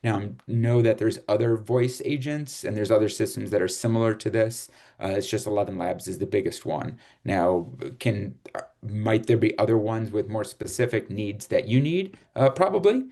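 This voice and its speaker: A man from Chicago hosting a casual group chat on a video call, relaxed and rambling with fillers and laughs. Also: on the low side, moderate pace, creaky. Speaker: host.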